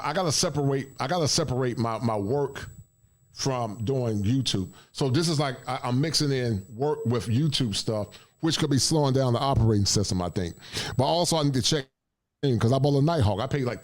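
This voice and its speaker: A man's voice: mid-range voice, expressive, brisk. A man hosting his own channel's livestream, laid-back and casual, often tagging lines with "man". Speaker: YouTube channel host.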